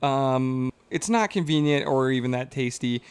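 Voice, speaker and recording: A man chats on a podcast in an earnest, fussy, hesitant way. His voice is smooth and resonant, and the sound is dry and close to the mic. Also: medium pitch, expressive, measured pace, no echo. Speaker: podcast co-host. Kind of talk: casual chat. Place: studio, in person.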